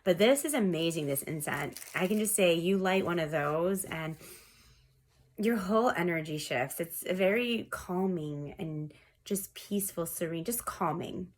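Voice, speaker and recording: A woman's voice: on the low side, lively intonation, unhurried. A woman in her thirties giving a casual tarot reading at home, chatty and rambling, laughing often and talking to viewers like friends. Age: 30s. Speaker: tarot reader.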